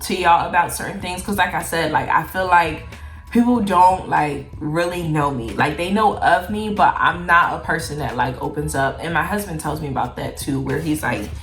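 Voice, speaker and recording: A woman's voice: low-pitched, moderate pace, a bit bright, echoey room, soft background music. A young adult woman from Jamaica, chatting candidly in a casual Q&A vlog, peppering her talk with "like". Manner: candid, chatty, heavy use of "like". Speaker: vlogger. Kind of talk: casual Q&A chat while eating.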